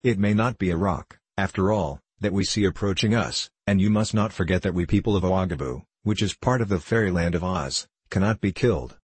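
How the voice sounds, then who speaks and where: A man voicing a brave, polite young soldier in a storybook, speaking calmly and firmly. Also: deep voice, fairly quick, hardly any pauses, slightly rough, dry recording. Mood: earnest. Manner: calm, firm and courteous.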